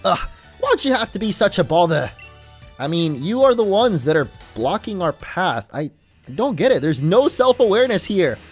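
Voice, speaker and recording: A man's voice: high voice, sing-song, moderate pace, breathy edge, soft background music, heavily acted. Man putting on a scolding British gang punk. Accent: put-on mixed British. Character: rowdy young punk gang member.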